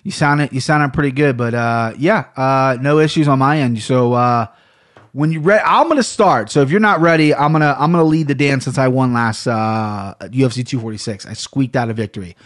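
A man's voice: medium pitch, normal speed, fairly bright tone. A man hosting a casual sports betting podcast, chatty and rambling, often correcting himself mid-sentence. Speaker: podcast host. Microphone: headphones on a studio setup.

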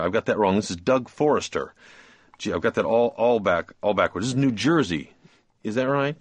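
A man's voice: lowish voice, no echo. A man hosting a radio talk show, interviewing guests in a conversational way.

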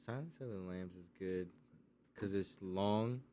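A young man co-hosting a podcast, chatting about movies in a relaxed, slangy way, often saying bro and dude. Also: low-pitched, a little slow, a little hiss or hum. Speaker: podcast co-host. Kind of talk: casual chat about movies.

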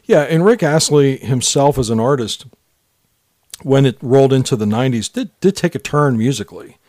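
A man co-hosting a podcast, chatting casually about old pop hits and telling stories, sometimes trailing off softly. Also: medium pitch, animated, normal speed, no echo, clean studio sound. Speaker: podcast co-host. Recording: music playing under the talk.

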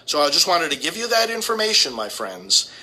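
A man's voice: a little high, very animated, fairly quick, pushed and bright, a little hiss or hum, rough recording. A man, a priest, giving an emphatic, preachy commentary and calling his listeners friends. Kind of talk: commentary monologue.

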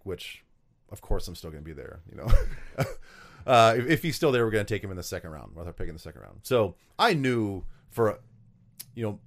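A man from South Dakota, a former pro football player, telling stories in an interview, rambling with lots of fillers and restarts. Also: lowish voice. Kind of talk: storytelling interview answers.

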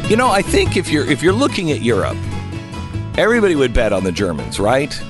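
A man's voice: a little fast, over music. A man hosting a talk radio show, joking around with his guests and reading ads live. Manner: animated, jokey, swings his pitch widely. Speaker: radio host.

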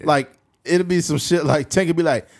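A man co-hosting a podcast in casual chat, animated, breaking into loud mocking impressions. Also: fairly high pitch, moderate pace. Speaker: podcast co-host.

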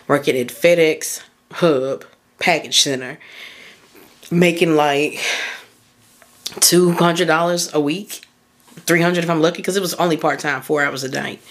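Speaking slowly with long pauses, a woman with a deep, steady voice hosts a podcast as a mindset coach. Her casual motivational monologue draws on candid personal stories, told with loose phrasing and plenty of fillers.

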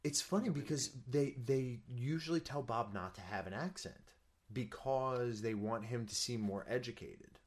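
A man's voice: medium pitch, moderate pace. A young man, a stage actor, chatting as a guest in an eager, earnest way, with lots of fillers and restarts. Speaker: musical theater actor, guest. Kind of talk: casual interview chat.

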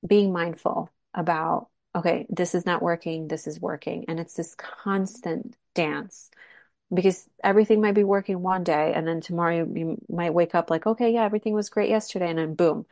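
Lower-voiced woman with motivational talk. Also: steady tone, normal speed, creaky, a little mellow, no room sound, studio quality. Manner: encouraging, motivational, asks rhetorical questions. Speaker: podcast co-host. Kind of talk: casual conversational podcast.

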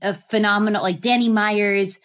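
A woman in her thirties, a guest telling her story in a lively, gushing way with many fillers. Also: mid-range voice, moderate pace. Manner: animated, gushing, lots of fillers. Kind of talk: casual storytelling interview.

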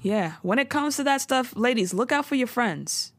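A New woman talking slangy and animated, her voice swinging high and low as she recaps a story. The sound is dry and close to the mic with no room around it. She keeps the chat loose and laughs often. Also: moderate pace, no room sound. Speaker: podcast co-host recapping a TV show. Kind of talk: casual chat.

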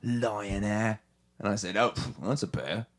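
A man's voice: lowish voice, a little slow. Brief: male improviser as straight-faced themed-hotel staffer spinning wild stories. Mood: deadpan. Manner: deadpan, tells tall tales with a straight face. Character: deadpan male hotel worker in pirate character. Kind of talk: improvised comedy podcast.

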